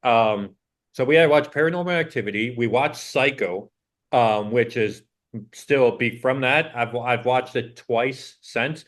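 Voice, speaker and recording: Young guy cohost, rambly, says like every other word, mid pitch. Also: measured pace, fairly bright tone. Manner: rambling, peppered with "like". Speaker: podcast co-host. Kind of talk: casual chat.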